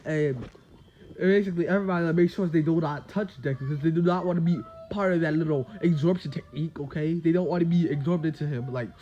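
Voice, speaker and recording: A man casually telling an imagined fan story, rambling along with lots of "like" and quick quoted lines. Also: a little high, mellow, dull audio.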